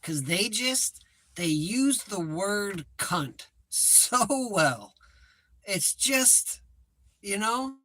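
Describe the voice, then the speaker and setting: A man's voice: sits high, sing-song, drawn-out words, pushed and bright. A man chatting casually and profanely on a livestream, rambling and joking at his own expense. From United States. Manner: rambling, profane, self-mocking. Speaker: livestream host. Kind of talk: casual live chat.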